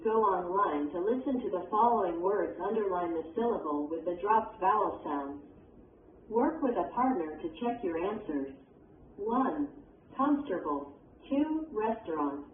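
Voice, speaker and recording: A woman reads English exercises and word lists aloud in a measured, teacherly way. Her voice comes through thin and phone-like, set back from the mic in an echoey space with a faint hum behind. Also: medium pitch. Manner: measured, instructional. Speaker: textbook reader. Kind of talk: reading textbook exercises aloud. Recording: echoey, distant, tinny.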